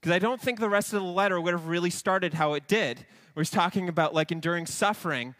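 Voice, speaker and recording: High-voiced man preaching a sermon. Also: quick pace, a bit bright. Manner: earnest preaching with quoted asides and restarts. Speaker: pastor.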